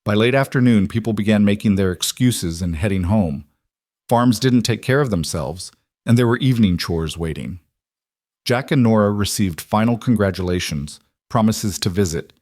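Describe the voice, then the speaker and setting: Low-voiced man narrating a calm story. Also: moderate pace, no room sound, clean studio sound. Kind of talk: scripted narration.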